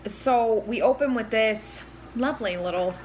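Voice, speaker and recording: A young woman co-hosting a casual TV recap, animated and swearing as she acts out her reactions. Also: on the high side, measured pace, slight background noise. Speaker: co-host.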